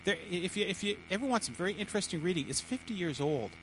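A man's voice: sits high, lively intonation, quick pace, noisy background. A man preaching a sermon to a congregation, often stumbling, repeating words and restarting sentences.

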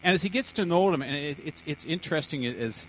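A man's voice: on the high side, animated, brisk, fairly bright tone, a little hiss or hum, poor audio. A man preaching a sermon to a congregation, often stumbling, repeating words and restarting sentences.

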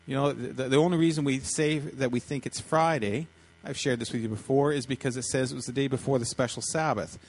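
A man preaching to children, retelling a story in an animated way and often repeating his words as he acts out quotes. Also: mid-range voice, brisk. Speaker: pastor speaking to children.

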